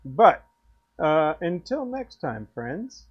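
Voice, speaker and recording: A man with the hiccups talks slowly and loosely, a little drunk, winding down his live stream with friendly rambling. The audio is dull and lo-fi, like a basic streaming mic. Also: on the high side. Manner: rambling, friendly, slurs thoughts. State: hiccups, tipsy. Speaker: pen turner streaming from his workshop. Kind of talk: casual live-stream sign-off chat.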